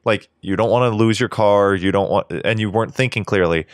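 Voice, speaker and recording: A man's voice: lowish voice, a little fast, clean tone, no room sound, studio quality. A man co-hosting a podcast in casual chat, talking in a heated, rambling way and swearing a lot. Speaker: podcast co-host.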